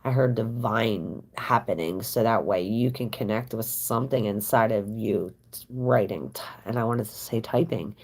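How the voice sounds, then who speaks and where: A woman's voice: a bass voice, creaky, a little mellow. A woman giving a casual live-stream tarot reading, chatting with viewers and answering their comments aloud. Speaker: tarot reader.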